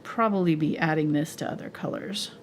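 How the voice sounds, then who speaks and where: A woman with a low-pitched, brisk voice leads a live painting tutorial, chatting and explaining each step as she mixes her colours and laughing easily. There's a little hiss or hum on the recording.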